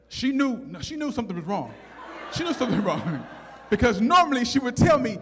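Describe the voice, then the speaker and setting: A man tells a stand-up comedy story, acting out every voice. His high voice swings widely, with a husky edge. The sound carries a long hall reverb. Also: fairly quick. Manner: animated, acts out voices.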